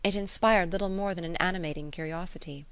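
A woman narrating an audiobook of a classic novel in a measured, even way. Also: on the low side, smooth, no echo. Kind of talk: scripted narration.

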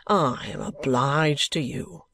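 A man voicing a genial, ingratiating middle-aged male detective who talks in a slow, coaxing, colloquial way. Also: mid-range voice, expressive, vocal fry, sharp tone, no room sound, full character voice.

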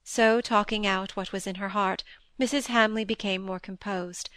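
A woman narrating a classic novel in a measured, even storytelling manner. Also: medium pitch, no echo. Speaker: audiobook reader. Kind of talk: scripted narration.

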